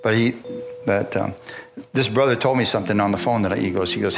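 A man's voice: fairly low pitch, fast talker, creaky. Folksy male preacher with guitar behind. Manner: folksy, storytelling, asks the crowd for agreement. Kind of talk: sermon testimony. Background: guitar music.

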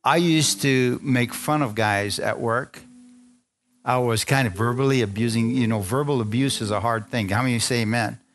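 Man preaching a fervent testimony sermon. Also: moderate pace. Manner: animated preaching, calls for amen, rises to high excited peaks. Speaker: pastor.

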